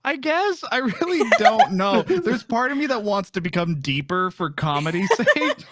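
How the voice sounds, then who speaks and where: A woman's voice: medium pitch, animated, a little slow, a bit bright. A woman playing a tabletop game, talking playfully and laughing between lines. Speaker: player. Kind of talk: casual chat during a tabletop game.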